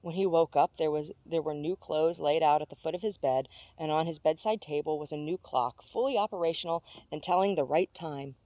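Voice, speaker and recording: A woman reads a novel aloud, steady and even. Her voice is mellow and warm, recorded dry and close. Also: low voice, a little fast, hardly any pauses, no room sound. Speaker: audiobook reader.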